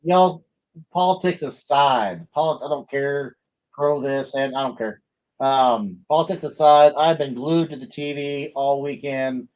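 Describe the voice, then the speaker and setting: A man's voice: medium pitch, a little slow, darkish tone, rough recording. A middle-aged man from the American Midwest hosting a casual livestream, chatting in a rambling way with many fillers and restarts. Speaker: livestream host.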